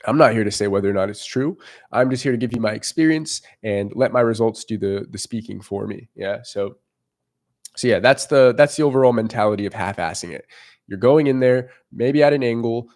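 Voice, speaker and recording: A young man coaches in a relaxed, off-the-cuff monologue. He speaks bluntly and swears casually, repeating himself as he works through his points. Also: medium pitch, brisk. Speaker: dating coach.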